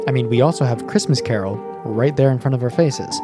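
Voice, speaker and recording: A man's voice: medium pitch, a little fast, few pauses, music in the background. A man with an American accent hosting a podcast in a playful, jokey way, full of puns. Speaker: podcast host.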